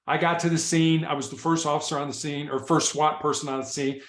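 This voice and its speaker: Male ex-hostage negotiator as guest. Chatty, halting delivery with restarts. Echoey room sound. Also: on the high side, little pitch movement, fairly bright tone. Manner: frequent repetitions and restarts. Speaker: former SWAT hostage negotiator. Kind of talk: conversational interview storytelling.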